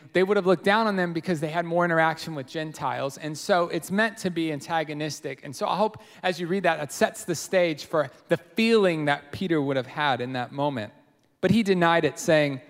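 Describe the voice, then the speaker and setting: A man preaching an expository sermon, talking in a conversational, animated way with fillers and restarts. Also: fairly high pitch. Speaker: pastor. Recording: long hall reverb.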